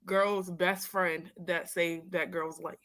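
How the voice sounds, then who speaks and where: A woman's voice: on the low side, level tone, slow, fairly bright tone. A woman joking playfully in a casual livestream chat over a video call.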